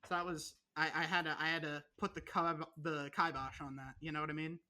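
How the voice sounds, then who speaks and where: A woman's voice: low voice, flat delivery, fairly quick, bright, forceful tone. A young woman co-hosting a podcast in casual chat, teasing her roommate with sarcastic, profane jabs. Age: young adult. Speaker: podcast co-host.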